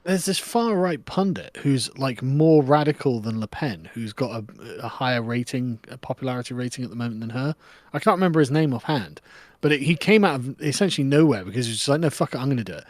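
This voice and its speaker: A man's voice: mid-range voice, animated, fairly quick, no echo. A man with an English accent, a guest on a livestream, talking in a blunt, casual way with stammering restarts and frequent chuckles. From England.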